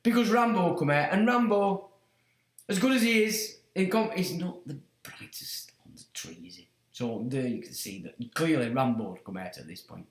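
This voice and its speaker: A man's voice: on the high side, expressive, moderate pace. A man hosting a livestream, telling a story in a casual, mocking, swearing way, laughing often. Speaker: livestream host. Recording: roomy echo.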